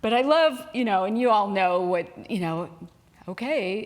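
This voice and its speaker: A woman minister speaks to her congregation in a relaxed, conversational way. Her voice sits at a middle pitch, and she drifts into asides as she tells stories. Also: measured pace. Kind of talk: sermon. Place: spiritual center sanctuary.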